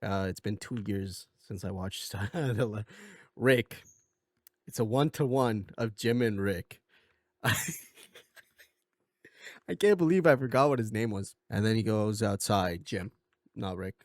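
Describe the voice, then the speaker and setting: A man's voice: on the low side, slow pace, pauses often, no echo, studio quality. A young man hosting a casual video essay, rambling with lots of fillers, joking and correcting himself. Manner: jokey, swears. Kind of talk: casual commentary.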